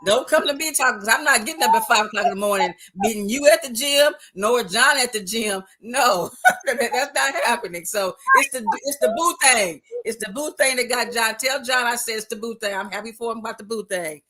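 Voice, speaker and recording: A retired older woman chatting casually, telling stories with laughter and animated asides. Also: on the high side, fairly quick, few pauses. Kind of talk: casual chat.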